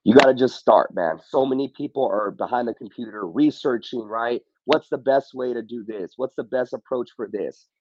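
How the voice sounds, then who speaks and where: A man's voice: medium pitch, normal speed, few pauses, darkish tone, lo-fi sound, slight background noise. A man speaking as a podcast guest in casual motivational talk, often saying "bro" and "you know what I mean".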